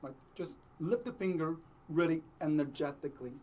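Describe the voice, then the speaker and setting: A man teaching a cello lesson, explaining slowly and patiently with many pauses, sometimes singing the phrases he means. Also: a little high, a little mellow. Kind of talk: music lesson with sung demonstrations.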